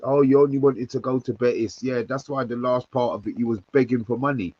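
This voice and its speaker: A man's voice: medium pitch, a little fast, few pauses, warm tone, breathy edge, no room sound. A man, joining a live stream over a remote call, blunt and ranting with swearing. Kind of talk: casual live stream chat. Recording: dull lo-fi remote call audio.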